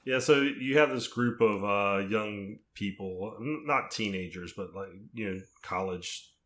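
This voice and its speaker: A man co-hosting a horror podcast, walking through film plots in a steady, casual chat. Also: on the low side, measured pace. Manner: steady, methodical plot summaries. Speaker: podcast co-host.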